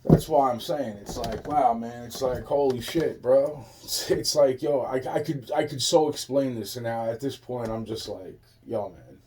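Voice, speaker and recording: A man's voice: medium pitch, moderate pace, few pauses, warm tone, recorded from a distance, slight background noise. A man in a rambling, profane monologue, restarting his sentences again and again.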